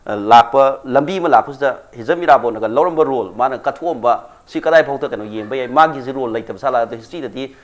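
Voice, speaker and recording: A male news anchor hosts a televised panel and poses long, brisk questions. He keeps the talk moving at a rapid pace, with a voice of average pitch. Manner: brisk questioning with steady backchannel hums. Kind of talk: studio panel discussion.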